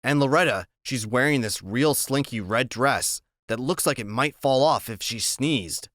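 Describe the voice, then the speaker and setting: A man's voice: mid-range voice, unhurried, no room sound. Man narrating an audiobook, dry sound. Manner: steady, plain storytelling. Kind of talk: first-person audiobook narration.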